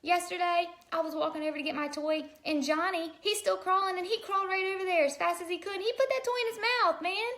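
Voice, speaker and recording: A woman's voice: fast talker, hardly any pauses, fairly bright tone. A woman voicing a cocky, whiny baby boy who talks in slang and complains a lot. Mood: complaining. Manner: high-pitched, slangy, complaining.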